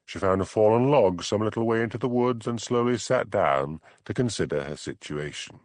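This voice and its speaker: A man reading an audiobook in a measured, even storytelling manner. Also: lowish voice, no room sound. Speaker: audiobook narrator. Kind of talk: scripted narration.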